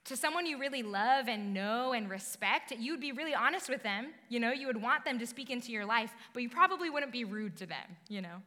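A young woman giving an earnest, animated youth sermon, talking directly with her audience. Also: on the high side, a little fast, hardly any pauses. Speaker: youth ministry speaker. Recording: long reverb of a large hall.

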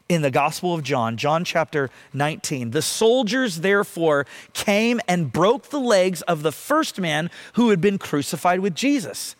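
A man preaching a sermon as pastor, reading scripture passages aloud and explaining them with emphatic pauses. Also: sits high.

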